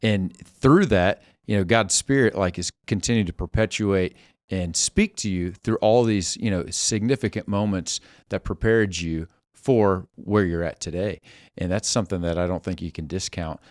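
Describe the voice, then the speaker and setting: A man's voice: sits low, normal speed, no room sound, clean studio sound. A man hosting a casual chat, talking in a conversational, affirming way. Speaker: host.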